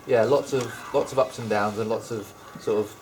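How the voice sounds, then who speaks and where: Essex-accented male teacher as podcast guest, rambling and self-correcting, casual chat in a school library lounge, mid-low voice. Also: steady tone, brisk, heavy background noise. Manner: rambling, hesitant, many restarts.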